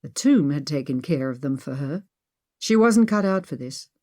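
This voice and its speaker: A woman narrating an adventure audiobook in a steady, measured way. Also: low voice. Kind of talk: scripted narration.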